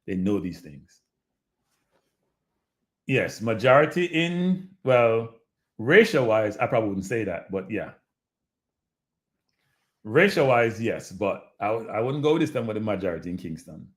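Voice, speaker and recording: A show host with a Jamaican accent gives casual live-stream commentary, talking animatedly, repeating himself often, and addressing his audience as "people." His voice is lowish, measured, with frequent pauses.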